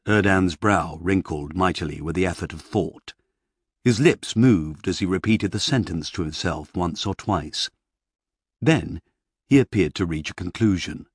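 A man narrating a comic fantasy novel in a wry, measured storytelling manner, recorded close on a studio mic. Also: low-pitched, husky, dry recording. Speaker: audiobook narrator. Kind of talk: expressive novel reading.

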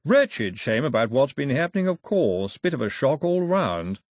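A man's voice: mid-range voice, very animated, normal speed, no room sound, clean studio sound, close to an everyday voice. A man voicing a flustered, jolly old male bishop who chatters in a bumbling way, in an audiobook reading. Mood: chatty. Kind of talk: audiobook character voice.

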